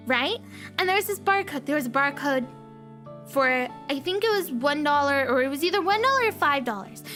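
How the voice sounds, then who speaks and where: A young woman, telling stories in an animated, giggly way on a casual chat stream and acting out the people in them. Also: very high voice. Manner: animated storyteller, acts out voices and beeps; giggly, repeats lines for effect.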